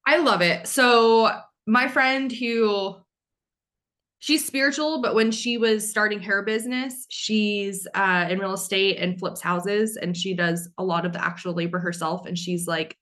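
A young adult woman hosting a podcast in casual chat, gushing and excitable, swearing casually as she talks. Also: mid-range voice, unhurried. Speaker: podcast host.

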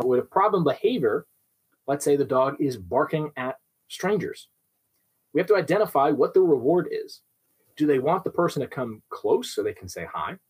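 A man's voice: medium pitch, slightly rough, poor audio. A young adult man who trains dogs, explaining with everyday examples and often checking in with "right?". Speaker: dog trainer. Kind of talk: instructional talk.

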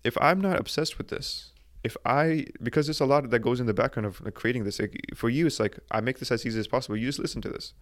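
A young man hosting his own podcast, talking earnestly and haltingly in a motivational monologue, with many restarts and filler words. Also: medium pitch. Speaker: podcast host.

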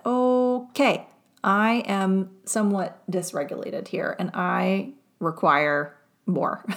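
A young adult woman who hosts a podcast and works as a nervous system coach tells a personal story in a mid-range voice. She rambles and reflects on herself as she goes, using many fillers.

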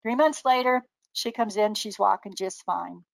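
Older woman telling lively stories. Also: mid-range voice, normal speed, creaky, no echo, rough recording. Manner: lively anecdotal, laughs often, acts out quoted voices. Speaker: guest naturopathic doctor. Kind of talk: casual storytelling.

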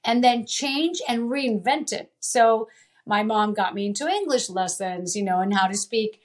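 A woman's voice: mid-range voice, measured pace. A woman from Italy and Venezuela, a guest coach in an interview, speaking emphatically and repeating her key phrases. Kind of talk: motivational interview talk.

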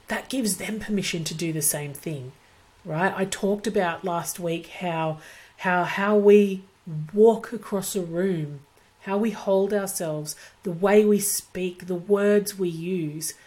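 A middle-aged woman hosting a podcast for family daycare educators, talking in an earnest, reflective way and often correcting herself. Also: medium pitch. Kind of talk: casual reflective podcast talk.

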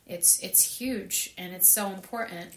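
A woman guest on a podcast, speaking earnestly and warmly with lively emphasis about well-being. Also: mid-range voice, a little slow, a little hiss or hum. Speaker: wellness guest. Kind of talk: casual interview chat. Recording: roomy echo.

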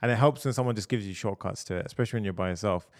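A man's voice: on the low side, rapid-fire. A man hosting a casual podcast interview, backing his guest with frequent agreement and rambling through his own thoughts. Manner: rambling, many fillers and restarts, frequent "yeah" backchannel. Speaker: podcast host.

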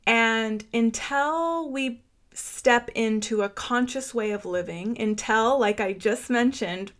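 A woman's voice: fairly high pitch, slow pace, fairly bright tone. A woman hosting a mindfulness podcast, speaking in an earnest, emphatic, motivational way and stretching words out for emphasis. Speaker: podcast host.

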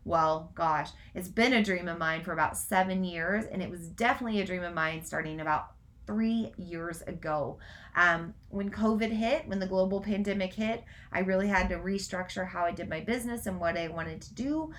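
A woman hosting a casual live stream, talking fast in run-on sentences, then gently guiding a breathwork practice. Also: lowish voice, a little hiss or hum. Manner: gentle instructive guidance in breathwork. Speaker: spiritual coach and podcast host.

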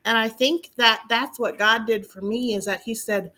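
A woman's voice: fairly high pitch, normal speed. A middle-aged woman, telling stories in casual chat, acting out her own quotes. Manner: animated storyteller, acts out quotes, laughs often.

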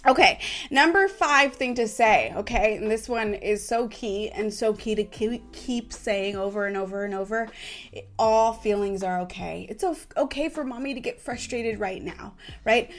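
A woman in her thirties hosting a parenting talk, animated and casual, who keeps checking in with "right?". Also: a little high, normal speed. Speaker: parenting podcast host.

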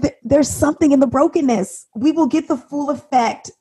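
A young woman co-hosting a podcast in casual, chatty talk, laughing often and quick to tears. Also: high voice, mellow, soft background music. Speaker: podcast co-host. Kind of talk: casual chat.

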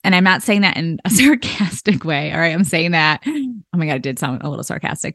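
A woman's voice: low voice, a little fast, dry recording, clean studio sound. A woman in her thirties hosting a solo business-coaching podcast, chatty and encouraging, with frequent laughs and fillers like "okay". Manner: chatty and animated, laughs often, fillers like okay and all right. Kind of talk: solo podcast pep talk.

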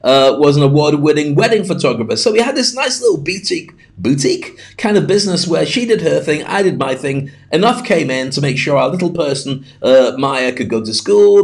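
A middle-aged man hosting a solo podcast, chatty and jokey, talking fast with lots of asides. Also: medium pitch, expressive. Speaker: podcast host. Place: home studio.

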